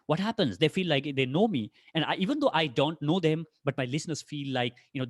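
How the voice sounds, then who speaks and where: A man with an Indian English accent speaks in a fairly high, lively voice, addressing an online conference crowd with question after question. The recording is dry and close, with no room sound around him. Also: dry recording. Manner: animated, addresses audience directly with many rhetorical questions. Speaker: podcaster giving a career talk. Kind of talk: energetic online conference talk.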